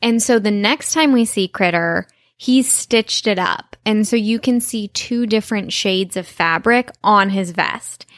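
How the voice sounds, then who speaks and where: A woman's voice: mid-range voice, unhurried, few pauses, fairly bright tone, no room sound, clean studio sound. Chatty enthusiastic woman podcast host. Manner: enthusiastic, chatty, many fillers. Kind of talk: casual chat.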